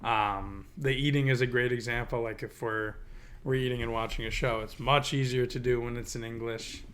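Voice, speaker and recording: A man's voice: mid-range voice, steady tone, moderate pace, a bit bright. A man co-hosting a podcast who talks in an easygoing, casual way. He mostly gives short agreeing replies and teases his co-host playfully. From northern United States. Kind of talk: casual chat.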